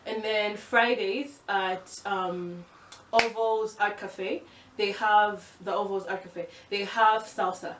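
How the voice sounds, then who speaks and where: A young woman from Uganda chatting fast and excitedly in a casual vlog, given to exasperated, swearing rants. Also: mid-range voice, far from the mic, slight background noise. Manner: fast, excitable talker who speeds up. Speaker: vlogger. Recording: roomy, from the mic.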